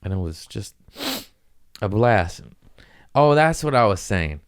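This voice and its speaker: Deep-voiced man telling a profane story. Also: big pitch swings, takes it slowly, slight background noise. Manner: rambling, profane, laughs at his own stories. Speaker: podcast host. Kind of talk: casual storytelling monologue.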